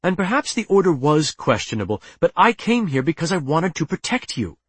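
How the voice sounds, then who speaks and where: An earnest, persistent woman officer, put on by a male reader of an audiobook. She pleads and insists, her pitch pushed up and rising as she presses. The recording is close and dry. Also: big pitch swings, fairly quick, breathy edge, no echo. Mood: insistent.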